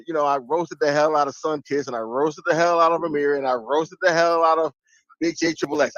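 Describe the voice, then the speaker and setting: Guy ranting on a stream, high voice that jumps all over, muffled lo-fi sound. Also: no echo. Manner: animated ranting, laughs between lines. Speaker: stream panelist. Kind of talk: casual livestream chat. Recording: muffled lo-fi audio.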